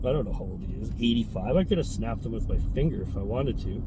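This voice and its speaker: A gym owner tells a story in a relaxed, mellow voice, swearing freely and getting heated as he acts out both sides of an argument. Faint street and car noise sits behind him. The delivery is loose and conversational. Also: mid-range voice, moderate pace, few pauses, rough recording. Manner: profane, animated, heated retelling. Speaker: fitness studio owner. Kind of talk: casual storytelling.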